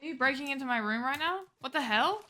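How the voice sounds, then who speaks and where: A woman's voice: sits high, animated, fast talker, sharp tone, slight background noise. A woman giving casual gameplay commentary as a streamer, chatty and self-mocking as she talks to her viewers. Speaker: game streamer.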